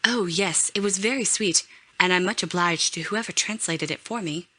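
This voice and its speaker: A bashful young governess who speaks sincerely and shyly, voiced by a woman reading the book. The voice is bright and soft-edged, in a storybook reading. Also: on the low side, moderate pace. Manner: shy, sincere.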